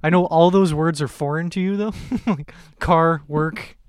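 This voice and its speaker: A podcast co-host in casual chat, tossing in jokes and quick reactions around his partner's story. He is a man with a slightly higher-than-usual pitch and a clear, smooth voice. He is recorded close and dry. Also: no room sound. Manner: chiming in with jokes and quick reactions, laughing often.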